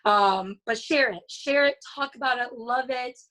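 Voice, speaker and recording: A woman talks over a video call in a casual, earnest way, full of fillers and quick restarts. Her voice is a touch high and her delivery stays conversational and sincere. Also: bright, forceful tone, poor audio. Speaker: guest speaker. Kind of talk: casual motivational talk.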